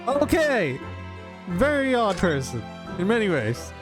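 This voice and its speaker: A man tosses out amused, bemused asides while playing through a game. His voice is a little high and lively, and clear game music plays behind him. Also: unhurried. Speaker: let's play narrator. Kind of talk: casual gameplay commentary.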